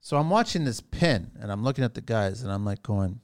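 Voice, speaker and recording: A man hosting a podcast, casually telling a lively story with frequent laughs and loose swearing. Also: lowish voice, brisk. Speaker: podcast host.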